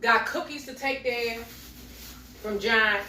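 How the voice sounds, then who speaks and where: A woman's voice: fairly high pitch, takes it slowly, sharp tone, slight background noise. A middle-aged woman, chatting to her viewers as she bakes in her home kitchen. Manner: chatty, talks straight to viewers as y'all. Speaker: home baking vlogger. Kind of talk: casual chatty vlog while baking. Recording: echoey kitchen, mic from far off.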